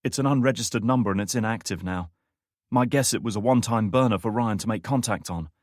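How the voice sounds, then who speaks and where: A man's voice: fairly low pitch, fast, dry recording, studio quality, close to an everyday voice. A man reading an audiobook, voicing an eager man who explains technical findings.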